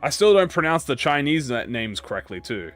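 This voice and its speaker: Sing-song and a little fast, the streamer's medium-pitched, slightly bright voice rambles casually to his chat as he plays a game. He pokes fun at himself and swears without restraint, with soft music playing behind him.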